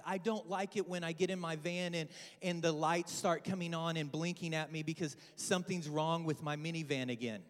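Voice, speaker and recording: A man in his thirties preaching a humorous sermon, telling family stories and joking with the congregation. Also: high-pitched. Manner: storytelling, joking with the congregation, acting out family voices. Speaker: guest preacher. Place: large church with balcony. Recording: long hall reverb.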